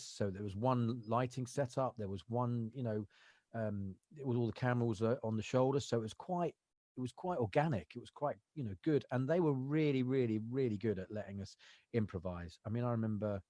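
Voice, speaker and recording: Man telling stories in a low voice. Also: warm tone, no room sound, clean studio sound. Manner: rambling anecdotal storytelling, lots of fillers. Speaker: actor and voiceover artist, guest. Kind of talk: casual interview chat.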